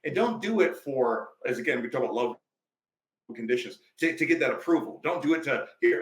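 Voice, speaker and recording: A man's voice: mid-range voice, expressive, fairly quick, echoey room, low-quality recording. A male life coach, a podcast guest, telling stories emphatically in a preachy, conversational way.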